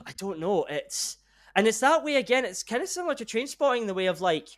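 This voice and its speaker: A young man hosting a podcast in casual chat, rambling and excitable and swearing freely. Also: high voice, fairly quick. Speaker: podcast host.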